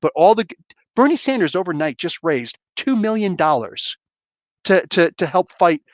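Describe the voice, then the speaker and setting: Fortyish guy on a livestream going off, blunt and heated, kinda high voice, dry close sound. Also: very animated, normal speed, dry recording. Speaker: livestream host. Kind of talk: casual livestream rant.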